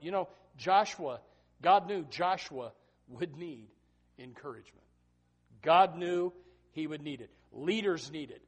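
A man preaching a sermon to students, reading scripture softly and then exhorting loudly, often repeating words as he starts a sentence. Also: high-pitched, husky. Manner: animated, swings between hushed scripture reading and loud exhortation.

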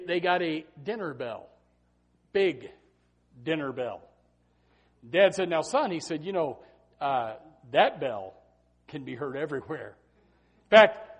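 Middle-aged male pastor with a high-pitched voice, preaching with sudden loud peaks and quiet drops. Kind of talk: sermon.

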